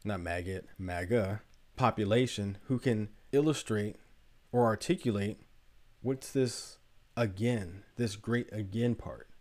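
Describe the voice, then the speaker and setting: A man's voice: lowish voice, a little mellow. A man hosting a podcast, telling a story in a casual monologue full of rhetorical questions. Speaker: podcast host.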